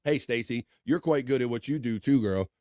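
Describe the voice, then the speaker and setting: Male stream host reading chat aloud, relaxed and jokey, mid-pitched, dry close mic. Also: a little fast, no room sound. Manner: laid-back, chatty, laughs often, reads chat aloud. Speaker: livestream host. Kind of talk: casual chat reading viewer comments.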